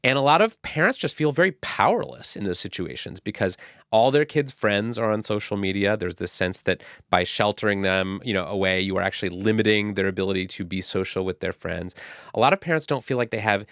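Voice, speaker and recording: A man's voice: on the low side, brisk, fairly bright tone, no room sound, studio quality. A man in his thirties co-hosting a casual tech podcast, thinking aloud with many "like" fillers. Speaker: podcast co-host.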